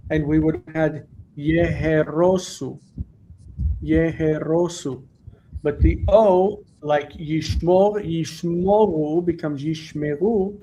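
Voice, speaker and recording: A man's voice: a little high, warm tone, slight background noise, rough recording. A man teaching a Hebrew Bible class on a video call, explaining patiently and often checking that his students follow.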